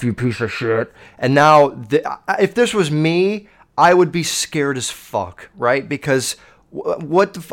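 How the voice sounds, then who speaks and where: A man hosting a solo podcast, telling a story in a casual, profane way and acting out other voices along the way. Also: on the high side. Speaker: podcast host.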